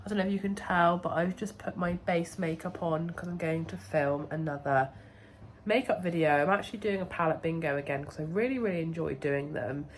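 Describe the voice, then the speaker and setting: Young woman vlogger, low-ish voice gone hoarse; chatty, relaxed, filler-heavy delivery. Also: a little fast, a little hiss or hum. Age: young adult. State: losing her voice, hoarse. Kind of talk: casual vlog chat.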